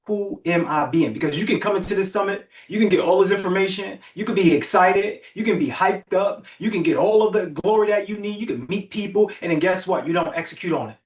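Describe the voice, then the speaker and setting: Energetic man giving a motivational talk. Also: sits high, a little fast, few pauses, roomy sound, recorded from a distance. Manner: energetic, preachy, repetitive calls to the chat. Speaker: summit host and motivational speaker. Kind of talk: motivational talk on a virtual summit. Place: virtual event broadcast.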